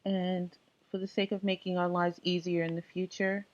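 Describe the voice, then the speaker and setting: A woman narrating a casual screen-recorded tech tutorial, relaxed and full of ums and uhs as she talks through each step. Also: lowish voice, normal speed, highs cut off.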